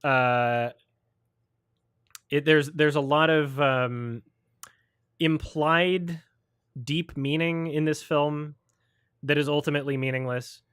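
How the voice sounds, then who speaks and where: A man's voice: on the high side, fairly even intonation, slow pace, pauses often, a bit bright, smooth, no room sound, clean studio sound. A man hosting a livestream, ranting about films in a sarcastic, profane way and mocking people with put-on quotes. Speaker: host. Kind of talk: livestream film review chat.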